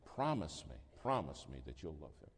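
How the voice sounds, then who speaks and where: A firm, motherly secretary voiced by a preaching man pleads her point in a low, steady tone. Her words ring out into the long reverb of a big hall. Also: normal speed, slight background noise, heavily acted. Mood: insistent. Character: insistent, motherly woman secretary.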